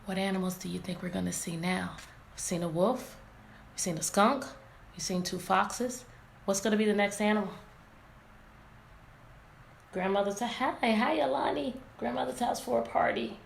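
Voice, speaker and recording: A woman teacher reading a picture book aloud to her class, animated and asking many questions. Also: mid-range voice, moderate pace, creaky, long pauses. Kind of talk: interactive read-aloud lesson. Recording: echoey room, faint background noise.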